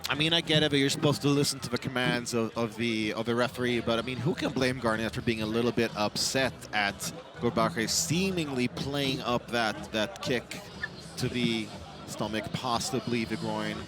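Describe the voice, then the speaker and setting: A man's voice: mid-range voice, steady tone, normal speed. A man calling a live cage fight in a chatty way, pointing to past fights and a fighter's range of moves. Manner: chatty, lists fight history and examples. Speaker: MMA commentator. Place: open-air arena event. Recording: loud arena crowd behind.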